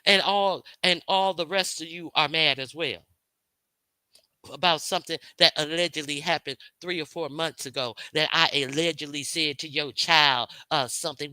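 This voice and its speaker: Woman streamer going off at her haters, cussing a lot, bright tense voice, dry sound. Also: low voice, moderate pace, no room sound. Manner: confrontational, profane, repetitive. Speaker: livestream host. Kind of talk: heated unscripted rant to viewers.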